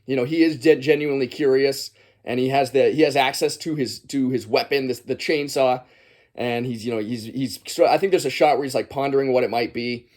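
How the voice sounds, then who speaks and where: A man's voice: medium pitch, brisk, darkish tone. A man giving a casual, rambling movie commentary, often chuckling as he goes. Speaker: movie reviewer.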